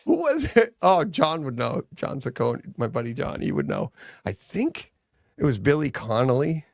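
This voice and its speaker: A middle-aged man chats casually as host of a live show, spinning stories and jumping into little acted-out quotes between bursts of laughter. His voice has a gravelly rasp and swoops widely in pitch. The sound is dry and close. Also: moderate pace, no room sound. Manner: animated, laughs often, acts out quotes. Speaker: livestream host. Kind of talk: casual chat, storytelling.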